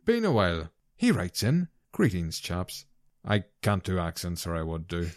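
A man's voice: deep voice, wildly swooping pitch, normal speed, no room sound, clean studio sound. A man hosting a gaming podcast in casual chat, teasing his co-host dryly and reading listener mail aloud. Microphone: podcast microphone.

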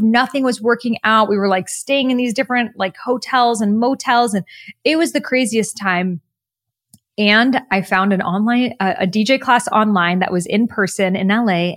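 A woman from the United States, a podcast guest sharing her story in an earnest, animated, spiritual-motivational way. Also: medium pitch, dry recording, clean studio sound. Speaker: podcast guest, author and coach. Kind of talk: reflective conversational storytelling.

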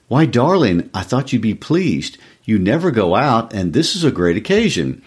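A man's voice: fairly low pitch, sing-song, normal speed, slightly rough, voice pushed up. A man voicing an eager, kindly husband.

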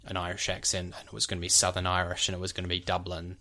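A young adult man with a somewhat low voice co-hosts a relaxed podcast. He talks at length in an easy, rambling way, leaning on "like" and "you know" as he explains. He often stops to sound out examples. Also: racing. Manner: breaks off to demonstrate accent sounds. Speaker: podcast co-host, actor. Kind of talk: casual podcast chat.

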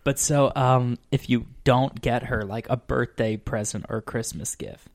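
Male podcast host, casual, fast rambling storyteller, average pitch. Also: dry recording. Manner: animated storyteller, quick and rambling. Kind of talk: casual chat.

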